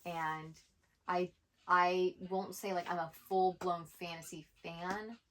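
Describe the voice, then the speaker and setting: A woman's voice: lowish voice, steady tone, slow, a bit bright. A woman co-hosting a casual book haul chat with her sister, rambling and chatty, with lots of "like". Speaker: co-host of a twin sisters' book channel.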